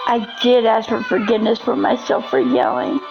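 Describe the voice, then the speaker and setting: A hoarse woman on a livestream, talking in an agitated, repetitive way, often yelling and then praying. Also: on the high side, sing-song, moderate pace, dull audio, music in the background. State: hoarse, coughing. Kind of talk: emotional livestream rant.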